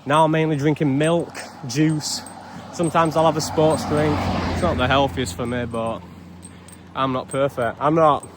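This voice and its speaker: A man's voice: a little high, fairly even intonation, moderate pace, noisy background. A young man ranting in a casual vlog, blunt and sarcastic with heavy swearing. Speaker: vlogger.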